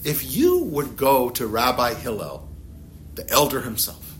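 A man teaching a religious text to a class, lively and animated, acting out little dialogues as he explains. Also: medium pitch, unhurried, a little hiss or hum. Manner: animated, acts out dialogues with shifting loudness.

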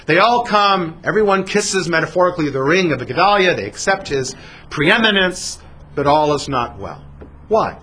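Casting: male teacher-storyteller, animated and bright, husky edge. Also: on the high side, moderate pace. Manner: animated, conversational asides. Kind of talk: dramatic biblical storytelling.

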